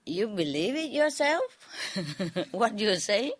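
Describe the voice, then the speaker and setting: A woman's voice: mid-range voice, sing-song, slow. A woman voicing a sly old mullah who plays innocent while teasing the man he is talking to. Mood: mocking.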